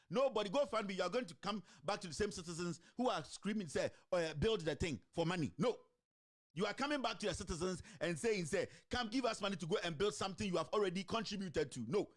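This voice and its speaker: A man with a Ghanaian accent delivers animated political commentary in a fairly high voice. He switches between a local language and English and keeps throwing rhetorical questions at his listeners. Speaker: online commentator.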